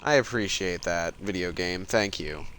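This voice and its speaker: A man's voice: deep voice, measured pace, a bit bright, a little hiss or hum. A man casually talking while playing a video game, rambling with lots of fillers and cursing freely. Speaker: gaming streamer. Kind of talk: casual let's-play commentary.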